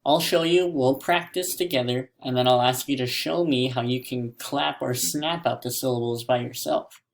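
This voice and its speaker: A man teaching a classroom mini lesson, stretching words out slowly syllable by syllable. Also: mid-range voice, vocal fry.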